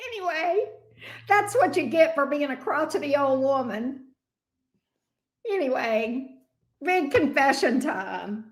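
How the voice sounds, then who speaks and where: Woman, high register, casual profane live-stream chat from a home office. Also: animated, slow pace, pauses often. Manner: profane, chatty, self-mocking. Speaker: tarot reader. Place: home tarot office room.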